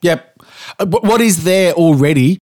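A man's voice: sits high, animated, moderate pace, a little mellow, no room sound, clean studio sound. A man co-hosting a podcast, chatting casually and making emphatic points, swearing freely. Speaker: podcast co-host. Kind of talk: casual chat.

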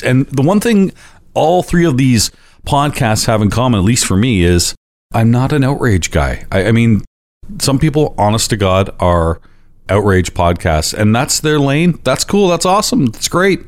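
A man's voice: medium pitch, big pitch swings, moderate pace. A man with a Canadian accent co-hosting a podcast, chatting casually, joking and swearing. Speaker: podcast co-host. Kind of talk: casual chat.

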